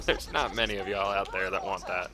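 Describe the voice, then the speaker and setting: A young man hosting a let's play, joking and chatting casually as he plays with a friend. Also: low voice. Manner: animated, joking, quick to laugh. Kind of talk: casual gameplay commentary.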